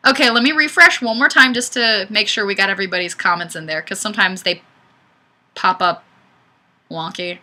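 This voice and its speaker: Reading viewer comments on her webcam livestream, a woman keeps things chatty and self-deprecating. Her mid-range voice is bright and forceful, and she talks a little fast; the audio comes from a webcam mic.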